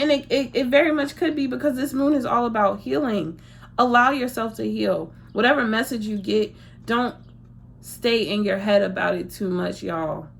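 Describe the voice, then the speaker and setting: Woman doing a tarot reading, emphatic, repeats herself a lot, lots of restarts, medium pitch. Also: vocal fry, slight background noise. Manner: emphatic and repetitive, full of restarts. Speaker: tarot reader. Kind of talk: casual spiritual card reading.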